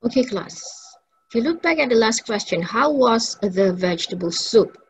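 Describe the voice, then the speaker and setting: A woman's voice: a little high, lively intonation, moderate pace, a little hiss or hum, poor audio. A woman English teacher, giving a recorded lesson and patiently repeating each example sentence.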